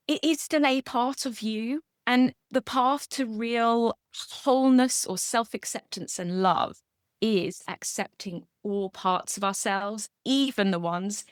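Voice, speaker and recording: Woman coach talking real gently, soothing and reassuring, dry close sound. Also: medium pitch, smooth, no echo. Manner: soft, soothing, speaks in warm reassurances. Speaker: sober coach, podcast guest.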